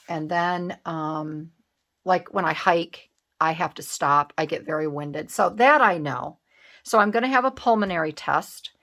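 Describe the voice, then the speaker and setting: Middle-aged woman, slightly low voice, chatty craft vlogger who rambles and restarts. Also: a bit bright. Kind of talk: casual chat while crafting.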